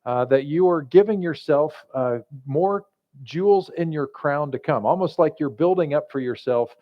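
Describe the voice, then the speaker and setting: A man's voice: on the high side, normal speed. A male pastor giving a sermon in a conversational, joking storytelling manner, in a slightly muffled recording.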